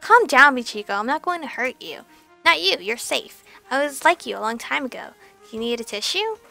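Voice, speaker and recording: A woman voicing a sly young sorceress who cursed men, reading game dialogue aloud in a calm, probing way. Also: sits high, moderate pace, vocal fry, soft background music, heavily acted. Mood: soothing. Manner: calm, cool, probing questions.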